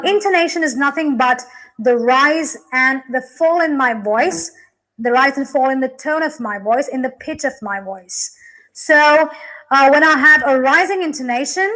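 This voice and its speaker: A woman's voice: high-pitched, fairly bright tone, low-quality recording. A young woman teacher explaining English grammar in a classroom lesson, with frequent "okay" and "you know" fillers.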